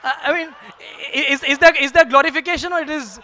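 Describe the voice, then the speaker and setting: A man giving a sermon in a temple, telling a story in a lively, conversational way and chuckling often. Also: very high voice, quick pace, some chatter behind, a little hiss or hum. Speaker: preacher. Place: temple hall.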